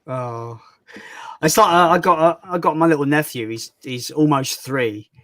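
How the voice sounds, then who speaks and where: A man hosting a casual livestream chat, talkative and quick to laugh. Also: a little high, fairly bright tone, dry recording. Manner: chatty, laughs often. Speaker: YouTube channel host.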